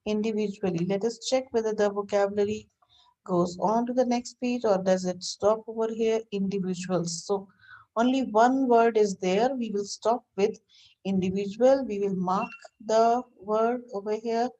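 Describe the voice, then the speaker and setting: Mellow-voiced woman teaching vocabulary. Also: medium pitch, steady tone. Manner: measured, instructive, lists words one by one. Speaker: English teacher. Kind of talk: vocabulary lesson, reading out word lists.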